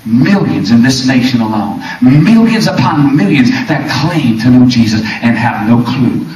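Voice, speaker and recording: A man preaching a fiery sermon, swinging from shouts to hushed lines and repeating words as he builds. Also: mid-range voice, lively intonation, a little slow, slight background noise. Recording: very echoey room, mic far off.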